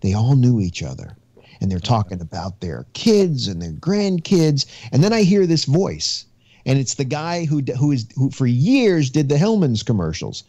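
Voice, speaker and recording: A man's voice: medium pitch, wildly swooping pitch, moderate pace, warm tone, highs cut off. A man on a panel, telling candid, self-deprecating stories. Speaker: panel guest. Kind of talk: casual panel chat.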